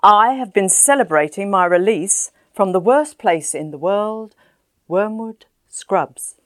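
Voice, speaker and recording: A woman reading voices a drunk, grinning young man, loud and teasing. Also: high-pitched, animated, slow, no echo, clean studio sound, exaggerated voice. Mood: drunk rambling.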